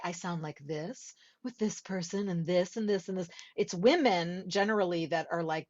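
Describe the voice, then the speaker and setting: A woman's voice: lowish voice, dull audio. A woman voice coach leading a group discussion over a video call, talking in a reflective, explanatory way. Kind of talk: workshop discussion.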